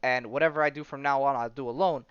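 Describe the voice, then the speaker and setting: A man's voice: mid-range voice, steady tone, fast, a bit bright, clean tone, no room sound, natural voice. A man reading out the lines of a proud, solitary green male brute from a comic. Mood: defiant. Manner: reads comic dialogue aloud with fillers. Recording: dull lo-fi sound.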